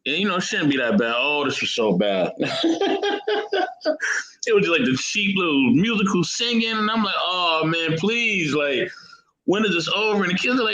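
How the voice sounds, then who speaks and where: A man with a bright, forward tone tells a story in an easygoing, rambling way. He talks casually and chuckles now and then. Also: a little high, lively intonation, normal speed, poor audio. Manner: laid-back, rambling, chuckling. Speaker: panel guest.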